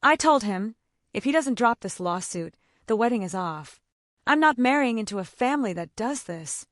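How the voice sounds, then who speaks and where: A woman's voice: on the high side, animated, moderate pace, no echo, clean studio sound, close to an everyday voice. A woman reading as a firm young fiancée. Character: firm, principled young bride-to-be.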